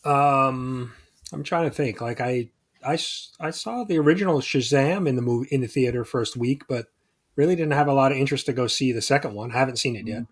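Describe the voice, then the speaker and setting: A man's voice: mid-range voice, brisk. A middle-aged man on a casual podcast, hesitant and thinking aloud as he answers. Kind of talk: casual chat.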